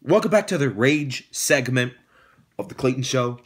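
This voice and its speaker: A young man hosting his own YouTube show, talking casually and breaking into loud, sarcastic rants with swearing. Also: medium pitch, animated, normal speed, husky. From United States. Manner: rants loudly, swears, dramatic outbursts. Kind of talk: casual vlog monologue.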